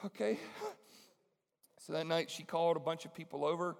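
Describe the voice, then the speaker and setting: A man preaching a sermon, telling a story with lively acted-out voices. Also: fairly high pitch, moderate pace, gravelly, big-room sound. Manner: animated storytelling, acts out voices.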